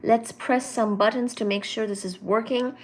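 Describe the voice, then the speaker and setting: A woman's voice: fairly high pitch, steady tone, moderate pace, slight background noise. A woman hosting a casual live stream, chatty and playful as she greets viewers and reads their comments aloud. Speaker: livestream host.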